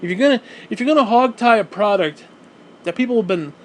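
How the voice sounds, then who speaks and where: Fired-up sweary man ranting, high voice. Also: expressive, quick pace, a little hiss or hum. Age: adult who watched wrestling since the 1980s. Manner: heated, sweary, sarcastic. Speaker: wrestling fan ranting. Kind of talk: profane rant.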